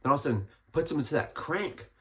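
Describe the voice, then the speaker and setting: A young man with a hoarse, worn voice, still getting over being sick, talking casually and rambling as he breaks down a fight night. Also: on the high side, animated, very fast, bright, forceful tone. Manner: chatty, rambling, lots of restarts. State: hoarse, recovering from illness. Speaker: MMA commentary vlogger.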